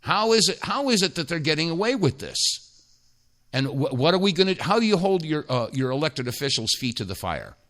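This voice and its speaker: A man's voice: a little high, sing-song, a little fast, a bit bright. A man hosting a talk radio show, emphatic and sarcastic, rambling with many restarts.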